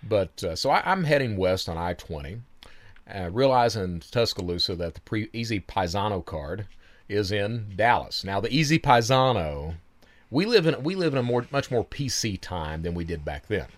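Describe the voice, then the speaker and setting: A man telling his story in a casual interview, animated, laughing often and swearing freely. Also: fairly low pitch, moderate pace. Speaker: guest.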